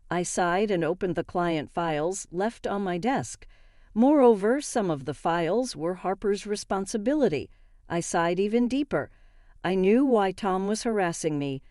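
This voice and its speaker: A woman reading a first-person story aloud in a steady, even manner. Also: on the low side, no room sound, clean studio sound. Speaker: narrator.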